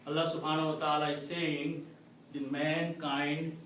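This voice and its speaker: A man teaching an Arabic grammar lesson to a class, explaining slowly and checking with a frequent "okay?". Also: fairly high pitch, flat delivery, a bit bright. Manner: slow, explanatory, repeats "okay?" to check understanding. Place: mosque classroom. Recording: echoey room, distant mic, faint noise.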